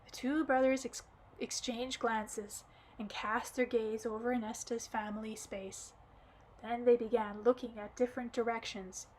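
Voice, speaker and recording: A woman reading an audiobook aloud, losing her voice, with soft, hushed asides between passages. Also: fairly high pitch, steady tone, unhurried, slight background noise, low-quality recording. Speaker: audiobook reader.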